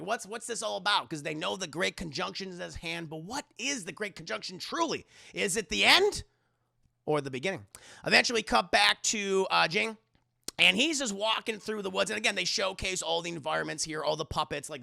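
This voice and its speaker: Excitable streamer with a gravelly voice. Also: male voice, sits high. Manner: excitable, profane, keeps addressing chat. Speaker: streamer reviewing a film. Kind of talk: casual live-stream recap.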